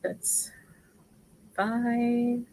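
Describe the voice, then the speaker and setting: A woman's voice: fairly high pitch, fairly even intonation, a little mellow, slight background noise, rough recording. A woman teaching crochet on a casual livestream, chatting and murmuring stitch counts under her breath. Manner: slow, chatty, self-deprecating, often drops to murmurs while counting stitches. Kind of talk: casual live tutorial.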